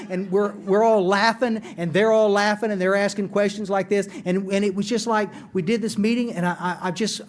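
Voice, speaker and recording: High-pitched guy, animated, tells his recovery story to the room, repeats himself a lot. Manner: animated, earnest, repeats words. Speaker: speaker at a recovery meeting.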